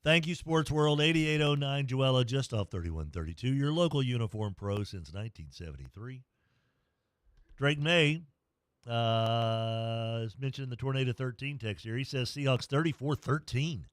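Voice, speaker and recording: A man's voice: medium pitch, moderate pace, clean tone, dry recording. Sports radio guy, middle-aged, rambles and cracks jokes on himself, dry close mic. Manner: rambling, jokey, self-deprecating. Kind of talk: casual sports talk radio.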